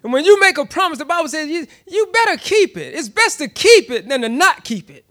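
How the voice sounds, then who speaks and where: A man preaching a sermon, telling a personal story with frequent laughter and animated, repeated restarts. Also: extremely high pitch, a little fast. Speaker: pastor.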